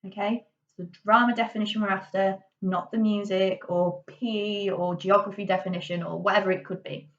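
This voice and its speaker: A woman's voice: medium pitch, steady tone, a little fast. A young adult woman teaching drama in a chatty classroom tutorial, full of fillers and "okay"s. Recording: dull, slightly distant lo-fi recording.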